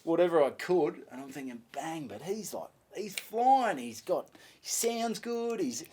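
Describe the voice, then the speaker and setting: A man's voice: a little high, unhurried, slight background noise. An Australian man, a comedian, telling a story in a casual chat, swearing freely and acting out voices as he goes. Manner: animated, swearing, acts out voices in his stories. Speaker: comedian guest.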